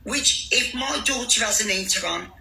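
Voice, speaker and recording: A woman's voice: mid-range voice, moderate pace, creaky, bright, forceful tone, low-quality recording. A woman giving blunt opinions as a guest on a live stream, listing her points one by one.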